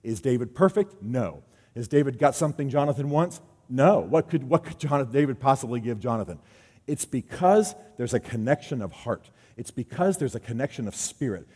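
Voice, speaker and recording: A man preaching a sermon on a stage, telling a story in a lively way and acting out the quotes. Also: mid-range voice, brisk, husky. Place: stage before an audience. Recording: long hall reverb.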